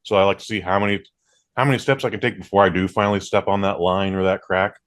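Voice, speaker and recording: A man hosts a podcast in a slightly low voice. He talks casually and loosely, dropping "like" and "dude" often and swearing freely. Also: fairly even intonation, fast, fairly bright tone. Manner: laid-back, swears freely, uses lots of "like" and "dude". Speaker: podcast host. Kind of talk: casual chat.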